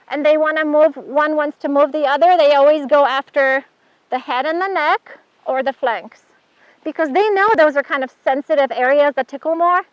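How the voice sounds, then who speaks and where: A woman's voice: sits high, no echo, highs cut off. A woman teaching a horsemanship workshop, talking casually while working with a horse and often praising it. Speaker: horsemanship instructor. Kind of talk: hands-on outdoor lesson demonstration.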